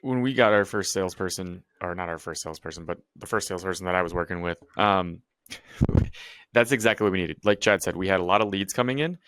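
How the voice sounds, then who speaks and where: A man with a very low voice co-hosts a business podcast, recorded dry and close on a studio mic. He tells stories from experience in a relaxed way, tripping over words and starting again. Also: fairly quick, smooth, no room sound. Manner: stumbling restarts, relaxed storytelling. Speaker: podcast co-host. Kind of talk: casual business chat.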